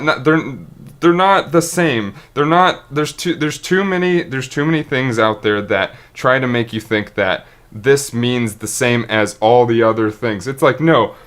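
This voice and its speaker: Rambling, earnest male streamer. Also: medium pitch. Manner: rambling, earnest, restarts and trips over words. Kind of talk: unscripted monologue to camera.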